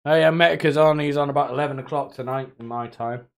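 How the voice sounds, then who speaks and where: A man's voice: mid-range voice, steady tone, quick pace. A man streaming live, chatting casually with viewers in a rambling, profane way, often laughing to himself.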